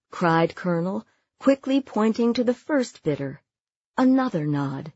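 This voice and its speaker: A woman narrates a true story at a slow, measured pace. Her voice is a little husky, mid-pitched, recorded dry with slightly dull sound. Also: lively intonation, darkish tone, dry recording. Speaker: audiobook narrator. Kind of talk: scripted narration.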